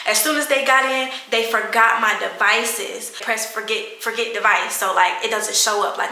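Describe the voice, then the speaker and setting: A nineteen-year-old woman telling an emotional storytime vlog from her bedroom, animated and fast-rising when she quotes herself. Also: a little high, echoey room. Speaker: YouTuber.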